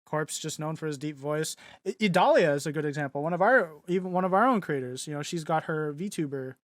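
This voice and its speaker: A man's voice: on the high side, a little fast, no echo, clean studio sound. A young man co-hosting a podcast and chatting casually, rambling with lots of fillers. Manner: rambling, filler-heavy, laughs easily. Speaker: podcast co-host and streamer. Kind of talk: casual chat.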